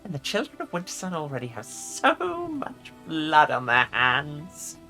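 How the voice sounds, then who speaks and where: A man's voice: a little high, wildly swooping pitch, unhurried, pushed and bright, soft background music, voice pushed up, heavily acted. A man doing an airy mocking insect demon woman.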